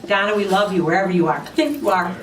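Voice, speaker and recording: A woman's voice: medium pitch, lively intonation, distant mic. A woman, the family's hairdresser, sharing heartfelt memories at a memorial. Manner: unhurried and heartfelt. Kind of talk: memorial speech. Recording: roomy hall, mic from afar, faint noise.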